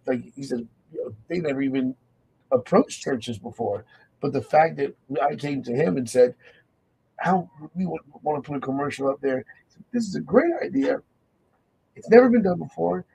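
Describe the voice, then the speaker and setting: A man hosting a faith radio talk show, telling a personal story with lively acted-out dialogue. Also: mid-range voice, normal speed, gravelly, husky, low-quality recording. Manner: animated storytelling, acts out quoted dialogue.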